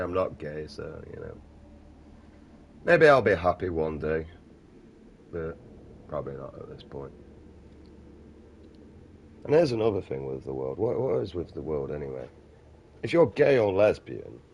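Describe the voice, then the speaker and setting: A gaming vlogger with an extremely low, booming voice. He rambles in a casual, profane rant, swinging between crude mockery and loose storytelling. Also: darkish tone, muffled recording, slight background noise. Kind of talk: casual rant over gameplay.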